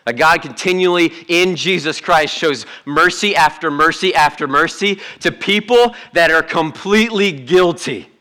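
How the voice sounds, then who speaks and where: A man preaching a sermon to his church in a conversational, animated way, with joking asides. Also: on the high side, normal speed, few pauses. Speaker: pastor.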